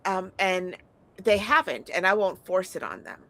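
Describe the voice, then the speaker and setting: A middle-aged woman hosts a casual chat, her voice edged with fry and bright at the top while sitting fairly low. She talks bluntly, swears freely, stammers through repeated words and breaks into laughter often. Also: very animated, normal speed. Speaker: podcast host.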